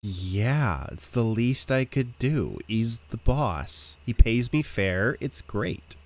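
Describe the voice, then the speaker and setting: A man's voice: mid-range voice, expressive, slow pace. Casting: man doing a chirpy little kobold girl shopkeeper for a tabletop game, playful.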